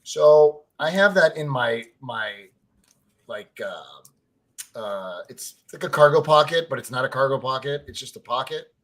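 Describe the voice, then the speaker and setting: A man co-hosting a casual sports podcast, telling stories in an animated way, swearing freely and saying "like" and "right?" a lot. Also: mid-range voice, unhurried. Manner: excitable, fan-to-fan talk addressing listeners as family. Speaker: podcast co-host.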